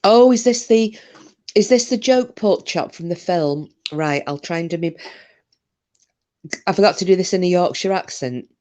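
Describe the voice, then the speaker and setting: A woman's voice: lowish voice, normal speed, pauses often, a little mellow. Chatty British woman hosting a live stream. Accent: British English. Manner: rambling, chatty, answers viewer comments by name. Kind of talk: casual live-stream chat.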